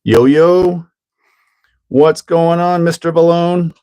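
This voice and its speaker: A man's voice: a little high, steady tone, drawn-out words, mellow, clean tone, highs cut off. A man hosting a casual hobby livestream, chatting and laughing while he builds a model car and greets viewers by name. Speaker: livestream host.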